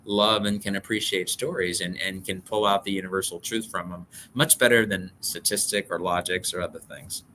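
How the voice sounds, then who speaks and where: A middle-aged man with a lowish, bright, forward voice recounts his own life with earnest feeling. A faint hum of ambience sits under the interview. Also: fairly even intonation, moderate pace, hardly any pauses. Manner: earnest, emotional storyteller. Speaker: author guest. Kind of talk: storytelling interview talk.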